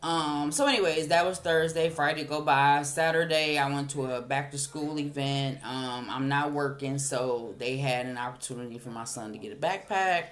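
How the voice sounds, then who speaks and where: A woman's voice: low-pitched, moderate pace, hardly any pauses. A woman with a blunt, profane manner, casually telling a heated story about a neighbor, as a vlogger.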